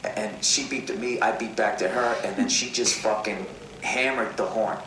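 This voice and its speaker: A male comedian telling a comedic story as a rant, animated and full of profanity. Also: on the low side, moderate pace. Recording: roomy, distant recording with faint noise.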